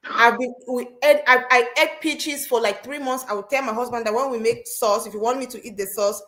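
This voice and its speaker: A woman with a fairly high voice talks as a show host. She tells her stories animatedly, often repeating phrases for emphasis. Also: brisk. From Cameroon. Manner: animated storytelling, repeats herself. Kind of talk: casual chat.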